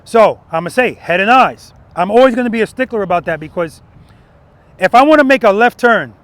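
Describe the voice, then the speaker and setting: A man's voice: high voice, expressive, brisk, no room sound. A man teaching a motorcycle riding lesson in an outdoor parking lot. He stresses key points again and again and often checks in with "right?".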